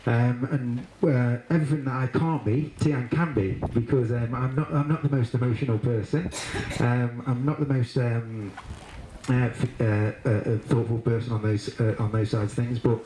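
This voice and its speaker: A man's voice: medium pitch, fairly even intonation, normal speed. A man giving a wedding speech as the bride's brother, telling a story with frequent laughter, fillers and restarts. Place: wedding reception. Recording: echoey room, loud background noise.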